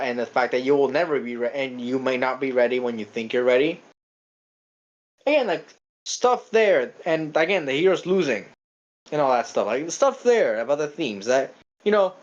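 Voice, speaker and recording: A man's voice: medium pitch, highs cut off. Rambling man with stammered restarts. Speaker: podcast co-host. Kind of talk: casual film review chat.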